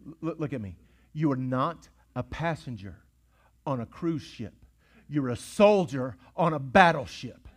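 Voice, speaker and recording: A male pastor, preaching a sermon in a church sanctuary, building from hushed asides to shouted repeated lines. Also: mid-range voice, expressive, a little slow. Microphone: pulpit mic.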